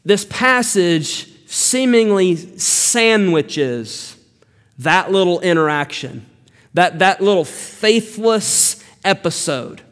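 A man's voice: high-pitched, animated, takes it slowly, a bit bright. A male pastor preaching an earnest expository sermon, building up to emphatic rebukes. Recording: long reverb of a church hall.

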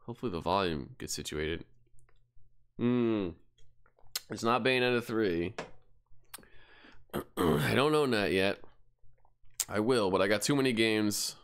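A man's voice: lowish voice, expressive, measured pace, long pauses, clear, resonant tone. A man streaming a game, making wry jokes as he plays. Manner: wry, joking asides. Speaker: gaming streamer. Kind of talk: let's play commentary. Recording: game music behind.

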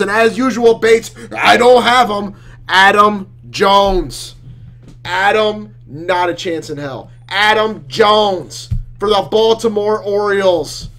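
A man putting on the voice of a brash, excitable card-collecting loudmouth who shouts and trash-talks while opening packs. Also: high voice, vocal fry, full character voice. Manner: loud, trash-talking, exclaiming. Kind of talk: card-break commentary in character.

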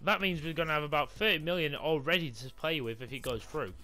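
A young man commentating his football game, swearing and shouting in frustration. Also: fairly high pitch, fast, faint music behind. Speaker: gaming YouTuber. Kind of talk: raging gameplay commentary.

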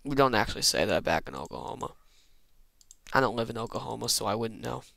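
A man's voice: medium pitch, big pitch swings, fast talker, gravelly, bright, forceful tone, no room sound. A man giving rambling, self-mocking commentary while playing a game, muttering asides to himself. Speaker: Minecraft let's player. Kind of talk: casual gameplay commentary.

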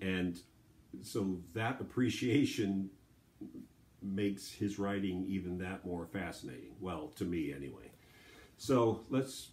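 A man reciting a sonnet and explaining it line by line, with slow, deliberate readings between plain explanatory asides. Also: lowish voice, darkish tone. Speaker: poetry reader and teacher.

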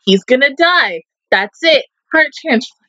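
Speaking a little slowly in a high-pitched, pushed, bright voice, a young woman expressively reviews an anime, cursing constantly and laughing as she holds back tears now and then. The recording is muffled but has no echo.

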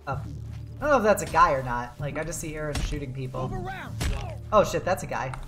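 A woman live-streaming a game, chatting with viewers and reacting loudly, with frequent giggles and swearing when under fire. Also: sits low, lively intonation, brisk, over music. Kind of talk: live gameplay commentary. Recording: roomy echo.

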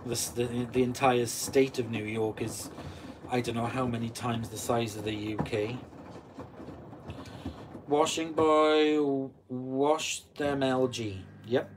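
A Welsh man in his forties hosts a live stream, reading viewer comments aloud and answering them one by one. His voice sits at an ordinary pitch, and there is a faint background hiss. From Wales. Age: 40s. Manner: chatty, reads out and answers comments. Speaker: channel host.

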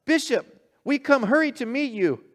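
A man's voice: very high-pitched, expressive, moderate pace, pitched above the performer's own voice. A man voicing a group of earnest island fishermen who plead in broken English, within a story he reads aloud. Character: three simple island fishermen, earnest and apologetic. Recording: long hall reverb.

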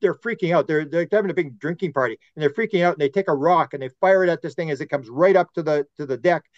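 Animated storytelling man, higher voice. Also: quick pace, no room sound, dull audio. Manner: rambling, animated storyteller who acts out quotes. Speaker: guest. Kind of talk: podcast conversation.

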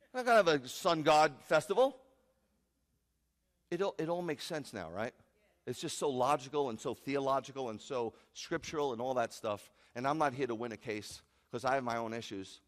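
A man, a rabbi, preaching a sermon in an emphatic, joking way, recorded in a sanctuary with long reverb. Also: mid-range voice. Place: congregation sanctuary.

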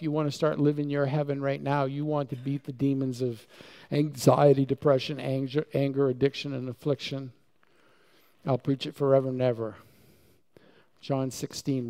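A male pastor preaches to his congregation in a church, with a rough, gravelly edge on his mid-pitched voice. He drives his points home by repeating key words, pressing each one with emphatic weight. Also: dark tone. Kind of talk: sermon. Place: church sanctuary.

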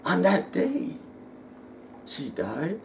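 A middle-aged man giving an emotional personal testimony, halting and repeating words, sometimes dropping almost to a whisper. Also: high-pitched, wildly swooping pitch, creaky, slight background noise.

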